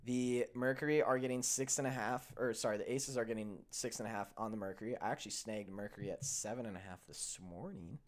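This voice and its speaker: A young man hosting a sports betting show in casual chat, with animated, profane storytelling that swings from heated rants to low grumbling. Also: brisk, hardly any pauses.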